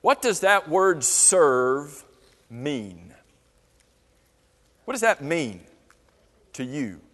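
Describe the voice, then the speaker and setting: A man's voice: on the high side, sing-song, very slow, fairly bright tone. Questioning man teaching in a reverberant hall. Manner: asks the class many questions. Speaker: Bible class teacher. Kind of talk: church Bible class teaching. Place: church classroom. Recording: long reverb of a church hall.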